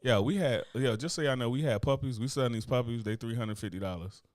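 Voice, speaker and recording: An American man hosting a podcast, talking quickly and bluntly with plenty of profanity and joking asides. The sound is close and dry, with no room echo. His voice sits at a medium pitch. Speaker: podcast host. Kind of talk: casual podcast chat.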